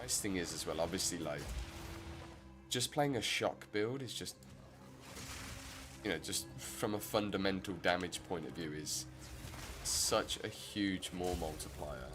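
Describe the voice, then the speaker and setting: A man's voice: low-pitched, measured pace, long pauses, music in the background. A man giving rambling, chatty commentary while streaming a game. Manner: rambling, self-interrupting, chatty. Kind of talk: casual gameplay commentary.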